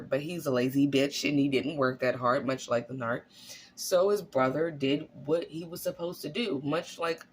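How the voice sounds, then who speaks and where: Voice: medium pitch, a little hiss or hum. Blunt vlogger with a mid-range voice. Swears freely and keeps asking the listener rhetorical questions. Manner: animated, often tagging lines with "right?" and "okay?". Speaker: vlogger on narcissistic abuse. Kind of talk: casual monologue.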